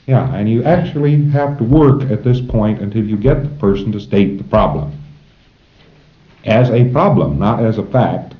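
A man's voice: on the low side, lively intonation, normal speed. A man lecturing a class of trainees in a folksy way, chuckling now and then and acting out short exchanges between tutor and student. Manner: folksy, chuckling, acts out dialogues. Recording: roomy, dull old lecture tape.

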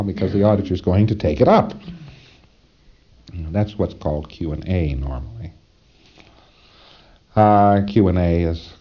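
A man giving a recorded lecture to trainees in a folksy, wry manner, chuckling often and acting out little exchanges. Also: lowish voice. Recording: dull lo-fi old tape.

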